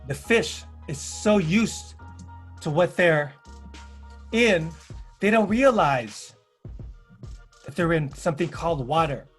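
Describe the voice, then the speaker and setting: A man's voice: fairly high pitch, animated, takes it slowly, pauses often, breathy edge, soft background music. A man giving a presentation, speaking in rhythmic, repeated emphatic phrases and telling stories with acted-out quotes. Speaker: panel presenter. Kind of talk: presentation talk.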